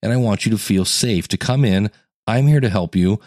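Male podcast coach, lower voice, dry close mic, lively and conversational, acts out quotes. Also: moderate pace, dry recording. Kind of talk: solo educational podcast monologue.

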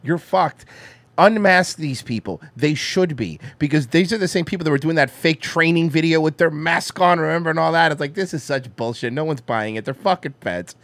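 A man's voice: fairly high pitch, moderate pace, fairly bright tone, no room sound. A man hosting a podcast, commenting on videos with casual, profane sarcasm. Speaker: podcast host.

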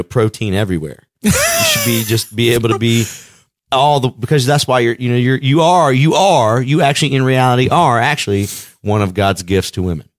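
A man's voice: medium pitch, no room sound, studio quality. A man co-hosting a podcast, talking in rambling, blunt, profane banter with frequent restarts. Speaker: podcast co-host. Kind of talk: casual crude banter.

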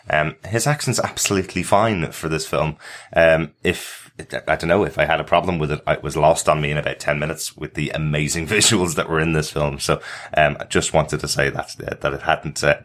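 A man's voice: rumbling low, fairly bright tone. A man hosting a podcast who chats casually about a movie, agreeing often and moving the talk along. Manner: agreeable, quick, many backchannels. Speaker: podcast host. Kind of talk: casual movie review chat.

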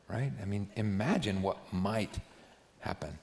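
Male pastor, relaxed sermon delivery, chatty with asides, mid-pitched voice. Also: normal speed, big-room sound. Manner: casual, chatty, lots of asides. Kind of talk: conversational sermon. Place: church sanctuary.

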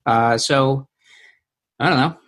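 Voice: medium pitch, slow, fairly bright tone. Rambling podcast co-host recapping an episode. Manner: loose and rambling, many fillers, breaks into silly sung impressions. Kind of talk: casual chat recapping a TV episode.

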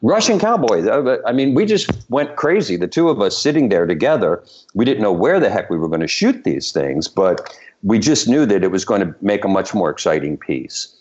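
An older man with a low voice tells stories in an animated interview and laughs between them. His pitch rises and falls a lot as he talks. The recording sounds dull and lo-fi. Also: brisk. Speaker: choreographer guest. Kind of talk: anecdotal interview storytelling.

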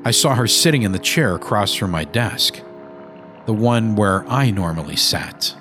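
A man narrating a first-person horror story in a measured, brooding manner. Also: lowish voice, animated, over music.

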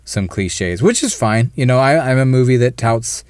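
A man's voice: medium pitch, clear, resonant tone, no room sound, clean studio sound. A man co-hosting a podcast, chatting casually about a film and acting out lines from it. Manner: animated, mimics characters in quick asides. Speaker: podcast co-host.

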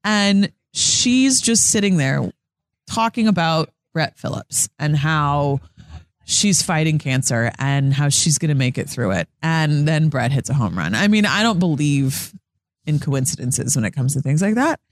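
A woman's voice: low-pitched, lively intonation, measured pace, no echo, studio quality. A young woman, a sports TV reporter, telling stories in an earnest, chatty way, full of "like" fillers and acted-out quotes. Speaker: sports TV reporter, interview guest. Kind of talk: casual interview storytelling.

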